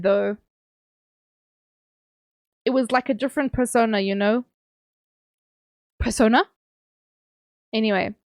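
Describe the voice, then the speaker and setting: A young woman with a mid-range voice livestreams a casual chat with viewers, reading their messages aloud and laughing often. The recording is studio quality with no echo.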